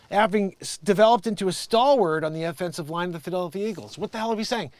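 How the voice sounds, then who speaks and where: Guy goofing around reading sports news, rambling jokey asides, slightly high voice, dry close mic. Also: fast, few pauses, no echo. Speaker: improv comedy host. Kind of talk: improvised comic news reading.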